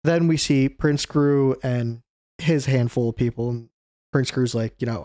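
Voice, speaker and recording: A man's voice: mid-range voice, measured pace, dark tone, no echo, clean studio sound. A young man hosting a manga chapter review, recapping in a loose, chatty way with fillers and self-corrections. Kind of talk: casual spoken chapter recap.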